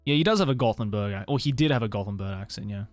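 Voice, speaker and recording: A young man with a mild Australian accent chats casually with his stream viewers from his home stream room in Tokyo, laughing a lot and swearing freely. His voice is on the low side, expressive, and very fast, in a dry recording with faint music behind him.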